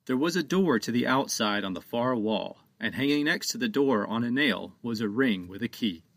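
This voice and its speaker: A man's voice: mid-range voice, lively intonation, moderate pace, fairly bright tone, dry recording. A man reading his own children's book aloud as an audiobook narrator.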